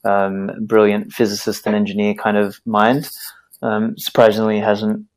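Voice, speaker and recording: A man with a milder Australian accent speaks as a podcast guest. His voice sits a bit low, and he thinks aloud in long, meandering answers full of small restarts. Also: level tone, a little slow, rough recording. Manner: rambling, thoughtful, with many fillers and restarts. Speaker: guest author. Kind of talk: casual podcast interview.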